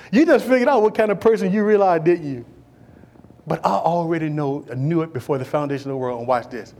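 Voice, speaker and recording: A male pastor delivers a sermon in an animated, folksy style, his voice fairly high and fast. He shifts between loud and hushed passages and tosses playful asides to the congregation.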